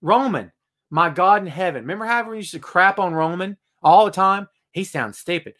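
A man hosting a wrestling talk show, ranting in an animated, excitable way and answering chat messages. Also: high voice, brisk. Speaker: wrestling podcast host. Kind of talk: live show, reading chat comments.

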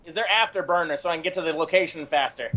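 A man playing a tabletop game, talking hesitantly with many pauses and restarts. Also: a little high, sharp tone, poor audio. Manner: hesitant, full of ums and restarts. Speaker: player. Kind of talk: casual tabletop game chat.

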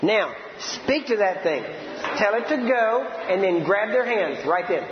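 A man's voice: high-pitched, animated, a little slow, background noise. A man teaching a live seminar, walking the audience through a method step by step and checking in with "right?". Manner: instructive, demonstrating step by step with frequent "right?" checks. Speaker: ministry teacher. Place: large hall before a live audience. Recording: echoey hall, dull lo-fi sound.

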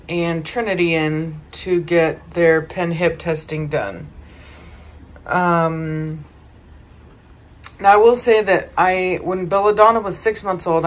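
A tired woman hosting a dog channel, chatting casually in the early morning, often saying "um". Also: lowish voice. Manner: chatty, with frequent "um" fillers. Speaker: dog breeder and channel host. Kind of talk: casual vlog chat.

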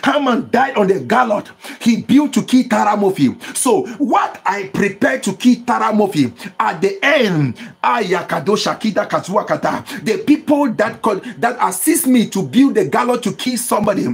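Fervent gravelly-voiced preacher man. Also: high-pitched, very animated, normal speed, few pauses. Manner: preaching with call-and-response and bursts of tongues. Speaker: pastor. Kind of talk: impassioned sermon with speaking in tongues.

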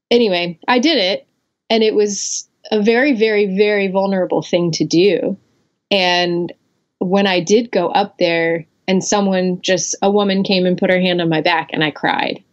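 Reflective woman guest on muffled audio. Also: medium pitch. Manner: reflective, with frequent fillers and self-corrections. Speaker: podcast guest. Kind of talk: candid personal storytelling. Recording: dull lo-fi audio.

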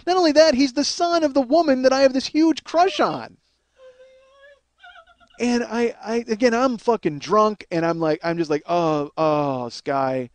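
A comedian host telling a crude personal story in a rambling, profane way, often repeating and restarting himself. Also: male voice, very high-pitched, moderate pace.

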